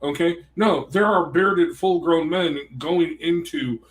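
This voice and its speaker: Male, somewhat high pitch, animated rambling storyteller, casual chat. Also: takes it slowly. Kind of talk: casual conversation.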